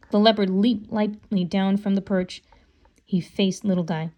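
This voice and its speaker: A woman reading a children's book aloud in a calm, unhurried voice. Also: medium pitch. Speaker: storybook reader.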